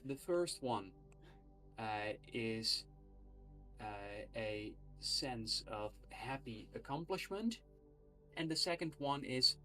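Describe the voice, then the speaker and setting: Slow, hesitant game master; mid-pitch voice; faint music bed behind. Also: animated, pushed and bright. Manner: slow and halting, with many "uh" pauses. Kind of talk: narrating a tabletop game on a livestream.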